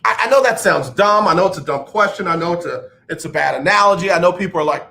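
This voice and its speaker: A man hosting a radio show, talking sports in an animated, rambling monologue and poking fun at his own slips. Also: high voice, fast, vocal fry, few pauses. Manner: animated, rambling, self-mocking.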